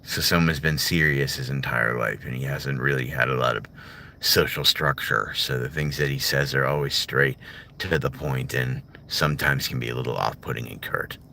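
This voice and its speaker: A man's voice: very deep voice, fairly even intonation, normal speed, vocal fry, sharp tone, a little hiss or hum. A man chatting casually and ramblingly in a car, full of "you know" and "like". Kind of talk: casual talk about doing voices.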